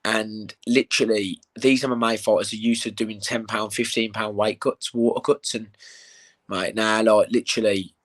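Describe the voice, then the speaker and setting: A young man in a casual interview, telling animated stories with plenty of swearing and "mate.". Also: fairly low pitch, moderate pace. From England. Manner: animated storytelling, swears, says "mate" a lot. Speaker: bare-knuckle fighter, interview guest.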